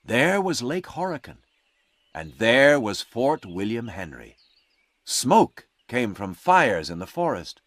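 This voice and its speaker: Slow, expressive male storyteller. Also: mid-range voice, no echo. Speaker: narrator. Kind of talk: slow graded-reader story narration.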